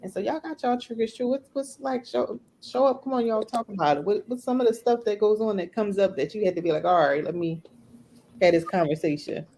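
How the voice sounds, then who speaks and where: A woman's voice: on the high side, fast, few pauses, warm tone, a little hiss or hum. A woman host in a casual chat who laughs often and prompts her guests directly.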